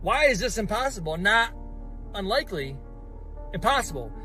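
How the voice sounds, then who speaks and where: High-voiced insistent man. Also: very animated, moderate pace, over music. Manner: insistent, challenging. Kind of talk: conspiracy commentary.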